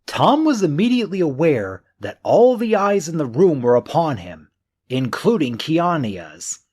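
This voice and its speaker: A man with a fairly high voice reads a mystery novel as an audiobook, going a little slowly. His expressive narration acts out the thoughts of the characters.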